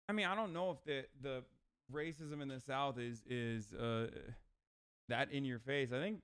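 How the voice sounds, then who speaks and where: A man's voice: medium pitch, unhurried, long pauses, fairly bright tone, clean tone, no room sound. A man livestreaming casual reaction commentary, talking in a profane, ranting, argumentative way on a close microphone.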